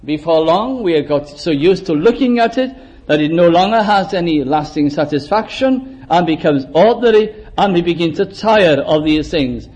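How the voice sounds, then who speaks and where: An older man preaching a sermon, earnest, rising to emphatic exhortations and dropping low and quiet. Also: lively intonation, moderate pace, muffled recording.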